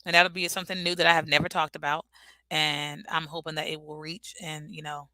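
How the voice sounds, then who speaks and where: Bright-voiced woman chatting to her viewers. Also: low voice, little pitch movement, a little fast, no room sound, rough recording. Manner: chatty, talks straight to viewers as "y'all". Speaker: live stream host. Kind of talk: casual live-stream chat with viewers.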